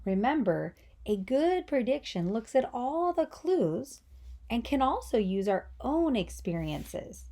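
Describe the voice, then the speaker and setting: Woman teacher, reading lesson, encouraging, asks questions, animated pitch, slow. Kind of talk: read-aloud reading lesson.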